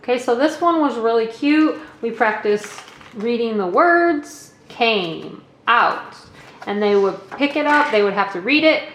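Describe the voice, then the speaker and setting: A woman's voice: a little high, expressive, measured pace. A woman teacher casually demonstrating classroom learning activities at a table, explaining step by step and checking in with "okay" and "all right". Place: indoors at a table. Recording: echoey room with faint noise.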